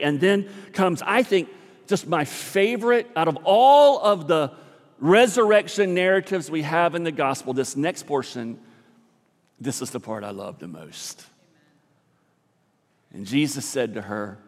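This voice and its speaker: A male pastor preaching a sermon, shifting between soft, intimate passages and louder emphatic lines. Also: a little high, big pitch swings, normal speed. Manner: dynamic preaching, swings between soft and loud. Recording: long hall reverb.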